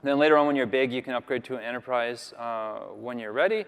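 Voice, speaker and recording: A man's voice: medium pitch, fast talker, clean tone. A man from Canada giving a casual, rambling conference talk with a live demo, full of fillers. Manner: chatty, rambling, filler-heavy. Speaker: conference speaker. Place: large conference hall. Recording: long reverb of a big hall.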